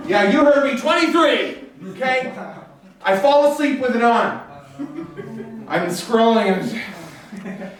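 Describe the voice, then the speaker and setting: At a live venue, a man with an extremely high voice and lively intonation hosts a variety show, working the crowd slowly with frequent pauses. Playful and teasing, he swears freely and leads the audience in chants. The sound comes from far off in an echoey room with faint noise.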